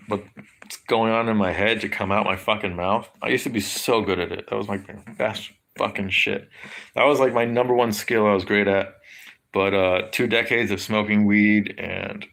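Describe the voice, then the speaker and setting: A man, rambling casually to his livestream audience, halting and restarting often and swearing a lot. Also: fairly low pitch, gravelly, a bit bright. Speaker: livestream host. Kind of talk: rambling casual stream chat.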